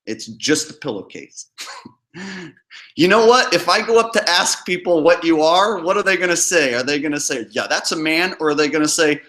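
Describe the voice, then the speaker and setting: A man's voice: on the high side, lively intonation, normal speed, pushed and bright. A man hosting a reaction video, mocking and sarcastic and often laughing. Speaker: host. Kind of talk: reaction commentary.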